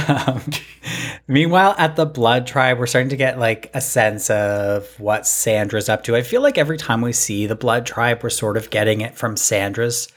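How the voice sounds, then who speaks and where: A man's voice: medium pitch, moderate pace, a bit bright. A man from North America co-hosting a podcast, recapping episodes in a chatty, laughing way. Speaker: podcast co-host. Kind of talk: casual chat.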